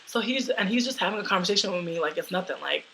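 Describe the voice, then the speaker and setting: A young American woman telling a personal story in a loud, brash, profane way, laughing often. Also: mid-range voice, lively intonation, quick pace, creaky, a little hiss or hum, poor audio. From United States.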